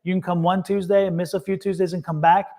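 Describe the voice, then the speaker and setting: A man's voice: high-pitched, little pitch movement, quick pace, vocal fry, darkish tone. A man hosting a live tarot reading session, chatting casually, repeating himself and laughing often. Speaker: tarot reader and co-host. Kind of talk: casual livestream chat.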